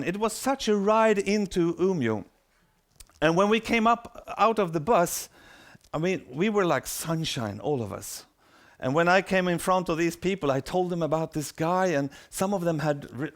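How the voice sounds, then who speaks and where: Middle-aged man, animated storyteller who acts out quotes, voice a bit high. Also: normal speed. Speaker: speaker. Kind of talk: storytelling talk.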